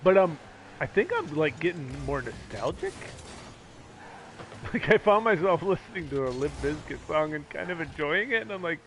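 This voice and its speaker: A man's voice: a little high, lively intonation, normal speed, slight background noise. Rambling sarcastic man streaming a game. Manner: rambling, sarcastic, yelling at teammates. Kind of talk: casual gaming stream chat.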